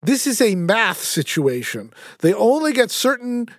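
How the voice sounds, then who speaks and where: A man with a notably high speaking voice hosts a podcast, pressing his points hard and cutting in often. The recording is dry, with no room sound. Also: big pitch swings, unhurried, no echo. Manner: emphatic, cuts in and argues points. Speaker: podcast host. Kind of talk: conversational interview.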